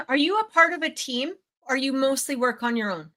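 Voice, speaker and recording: A woman hosts an interview in a chatty, giggly manner, her voice still hoarse from a cold. Her tone is bright and somewhat high-pitched. She talks over a video call. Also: expressive, normal speed. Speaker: podcast host. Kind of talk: casual interview chat.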